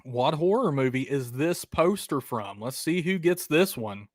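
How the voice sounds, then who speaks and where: Upbeat male streamer hosting live trivia, chatty and pumped, a bit high-pitched, dry close mic. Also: expressive, unhurried, no echo. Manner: hyped, chatty, calls viewers brother and dude.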